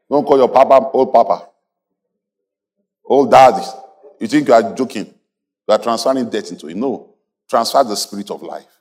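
A man preaching a sermon as a pastor, animated, laughing often and calling on the congregation to repeat after him. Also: mid-range voice. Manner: animated preaching with call-and-response and frequent laughter.

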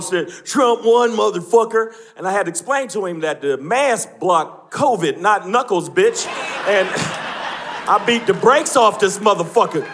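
A man's voice: high-pitched, noisy background. A male stand-up comedian performing live on a club stage, brash and profane, needling the audience between jokes. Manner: brash, profane, confrontational with the crowd. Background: audience laughter and room ambience.

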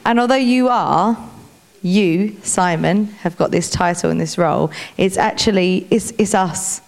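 A woman's voice: fairly low pitch, a little slow, vocal fry, a little hiss or hum. A woman interviewing a guest on a church stage, affirming and encouraging as she talks.

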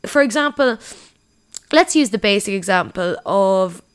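A woman's voice: mid-range voice, lively intonation, measured pace, clear, resonant tone. A young woman, talking frankly and candidly to her viewers in a casual, sweary monologue.

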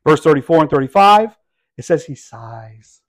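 A man's voice: fairly high pitch, animated, normal speed. Man preaching a chatty sermon. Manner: conversational, wry asides, rhetorical questions. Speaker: pastor.

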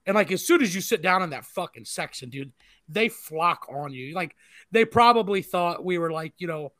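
A man with a slightly higher voice rambles through an anecdote, swearing freely and padding it with "like" and "uh." The sound is dry and close, with no room around it. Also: lively intonation, normal speed, sharp tone, no room sound. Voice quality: profane, rambling storyteller. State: married. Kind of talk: casual storytelling chat.

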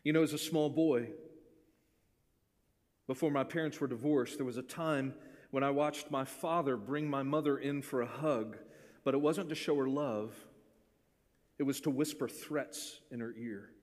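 A male pastor delivering a sermon, swinging between hushed, intimate passages and forceful, rising appeals. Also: medium pitch, steady tone, normal speed, pauses often, in a large hall.

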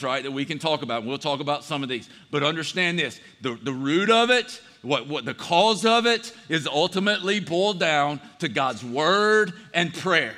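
Male pastor, high bright voice, lively storytelling sermon, long hall reverb. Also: moderate pace, hardly any pauses. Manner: animated storytelling, acts out quoted voices.

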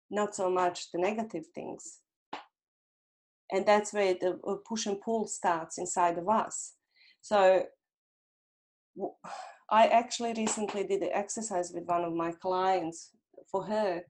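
A middle-aged woman hypnotherapist talks in a gentle, reflective way, with a voice of ordinary middle pitch. She sometimes steps into short inner dialogues to show a point. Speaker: hypnotherapist guest. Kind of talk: conversational interview.

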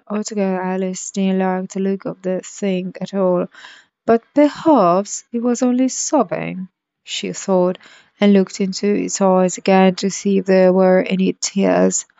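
A woman reads a storybook aloud in a slow, careful and measured way. Her voice is mellow and soft at the edges, close and dry. The recording sounds dull and lo-fi. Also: medium pitch, level tone, no room sound. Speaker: reader.

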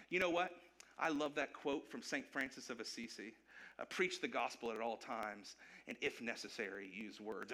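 Male pastor, bright and higher-pitched, animated and jokey, sermon from the stage. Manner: animated, joking, conversational.

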